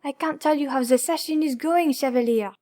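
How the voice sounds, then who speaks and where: A woman's voice: high-pitched, brisk, mellow, pitched above the performer's own voice, natural voice. A woman reading the part of a female therapist who speaks in a firm, guarded, clipped way in an audiobook.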